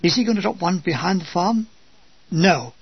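A man reading a comic wartime memoir in a wry, deadpan way, in a dull, dry, lo-fi recording. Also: high-pitched, moderate pace, husky, no room sound. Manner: wry, deadpan humor with acted asides. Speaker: memoir narrator.

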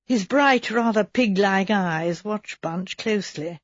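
A woman narrating a mystery audiobook in a measured way, also voicing a gentle vicar's wife. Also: mid-range voice, no room sound, muffled recording.

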